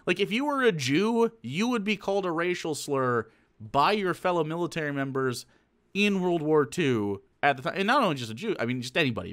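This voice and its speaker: Animated, swearing male streamer. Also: on the high side. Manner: animated, swearing, rambling with many fillers. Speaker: streamer commentator. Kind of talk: casual reaction commentary.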